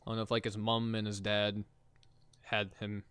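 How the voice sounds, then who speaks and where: Animated young man, dry close mic. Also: on the low side, moderate pace, clear, resonant tone, dry recording. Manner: animated, laughs and mimics game voices. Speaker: podcast co-host. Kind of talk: casual gaming chat.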